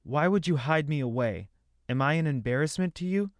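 Young princess voiced by a man, defiant, pleading, higher pitch, dry close sound. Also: expressive, fairly quick, no room sound, natural voice.

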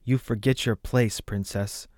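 A man's voice: fairly low pitch, steady tone, unhurried, darkish tone, dry recording, clean studio sound, lightly acted. A man reading the part of a proud, domineering queen who speaks in a cold, commanding way.

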